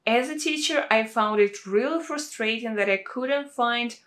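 A native Russian-speaking woman teaching an online language lesson, saying example phrases slowly and repeating them for emphasis. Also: on the high side, fairly bright tone.

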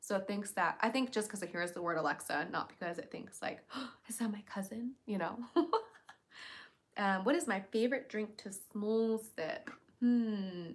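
A woman's voice: mid-range voice, moderate pace. A young woman hosting a casual livestream, chatty and upbeat, reading viewers' questions aloud and answering them. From United States.

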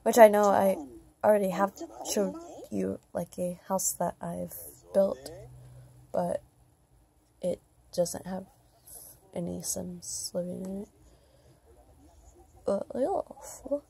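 A woman talks through her life-sim game at an unhurried pace, in a low, mellow voice. Her talk is chatty and rambling, with light self-mocking asides, like a casual gameplay vlogger. A slight fry roughens the ends of her words. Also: fairly even intonation.

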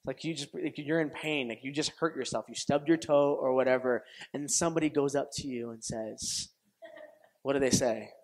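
A man preaching a sermon as pastor, telling stories with lively acted-out quotes and frequent laughter, often restarting phrases and checking with his audience. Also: medium pitch, moderate pace. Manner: animated storytelling, acts out quoted voices, laughs often; repetitive restarts, asks audience questions.

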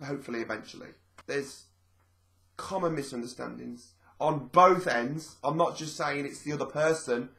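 With vocal fry in a fairly bright, mid-range voice, this male vlogger talks to the camera at a moderate pace. He's chatty and meandering, says the same phrases more than once while explaining, and performs the lines he quotes.

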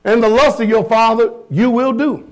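A man's voice: extremely high pitch, steady tone, normal speed. A man preaching a sermon as pastor, firing blunt rhetorical questions at his congregation in a folksy, emphatic way.

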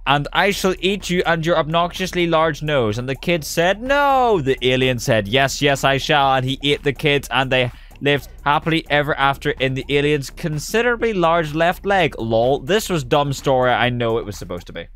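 A man streaming, reading silly fill-in-the-blank stories aloud in an animated way, rushing through asides and breaking into laughter. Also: a little high, clean tone.

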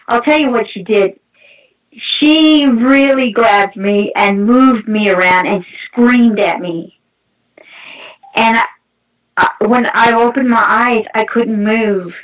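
Middle-aged woman guest, higher-pitched, emotional and halting, set back from a dull mic. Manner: halting, emotional storytelling with many restarts. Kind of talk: personal testimony in an interview. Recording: muffled distant mic.

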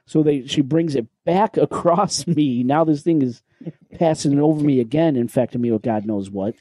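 A man co-hosting a podcast, telling a story in a casual, animated way, swearing and acting out what people said. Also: a little high, moderate pace, dry recording. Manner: animated, swearing, acts out quoted lines. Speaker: podcast co-host. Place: podcast recording room.

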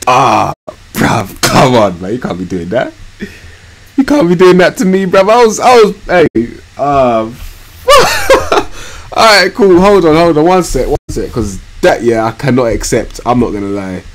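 A young man talks over a football management game he is streaming live. His pitch leaps around as he drops into grumbling mutters, then bursts out loud and swears. The voice sits in a middle register. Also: moderate pace. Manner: excitable, swings from low muttering to loud yelling, swears a lot.

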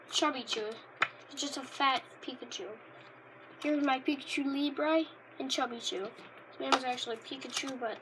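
A woman rambling casually in a vlog, easily delighted and bursting into loud exclamations. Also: sits high, noisy background. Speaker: Pokémon card reviewer. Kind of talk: casual unscripted vlog chat.

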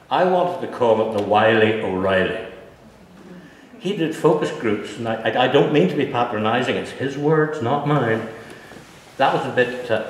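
A man's voice: medium pitch, background noise. Older man telling dry self-mocking stories. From Northern Ireland. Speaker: author at a book launch. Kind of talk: anecdotal talk to an audience. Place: library hall with an audience. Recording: echoey hall from far off.

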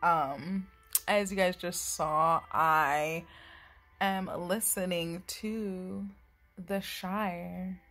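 A woman's voice: on the low side, fairly even intonation, very slow, a bit bright, faint music behind. A young woman hosting a casual reading vlog, talking chattily and rambling with plenty of fillers. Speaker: booktuber vlog host.

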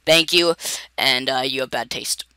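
A young man hosting a game video, chatting casually and joking at his own expense, sometimes yelling in panic. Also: mid-range voice, measured pace. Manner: self-mocking, shouts in panic. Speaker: gaming video host. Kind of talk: casual gameplay commentary.

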